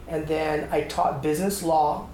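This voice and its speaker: A middle-aged man from Atlanta, Georgia recounts his career as a dancer and choreographer in a relaxed interview. He tells it with animation and acts out the people he quotes. The room is echoey, with a faint hiss behind him. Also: fairly high pitch, measured pace. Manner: animated storyteller who acts out quoted voices. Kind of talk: conversational interview storytelling.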